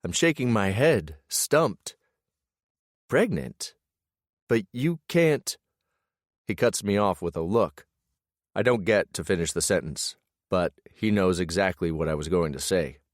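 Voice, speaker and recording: A man narrating a first-person romance audiobook in a calm, measured way on a close studio mic. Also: deep voice, no room sound.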